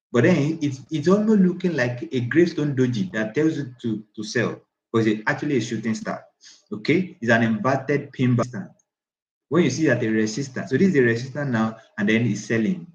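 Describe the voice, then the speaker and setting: A man teaching a trading lesson over a shared chart, repeating and restarting phrases for emphasis. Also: mid-range voice. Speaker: trading instructor. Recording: roomy, slightly dull lo-fi audio.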